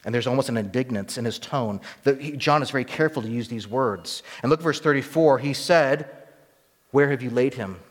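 A male preacher giving an expository sermon, teaching with emphatic rises and quiet asides. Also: mid-range voice, brisk. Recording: long hall reverb.

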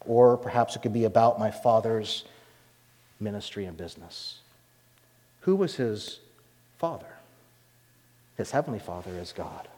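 A man preaching a sermon as pastor, animated and acting out the voices he quotes. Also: lowish voice, measured pace, pauses often, big-room sound.

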